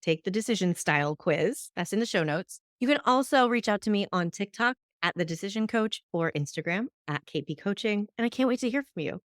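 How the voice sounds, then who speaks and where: A woman hosting a solo coaching podcast, energetic and upbeat, asking many rhetorical questions. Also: medium pitch, fairly quick, hardly any pauses, no echo, studio quality. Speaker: podcast host and decision coach. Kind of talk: solo motivational podcast monologue.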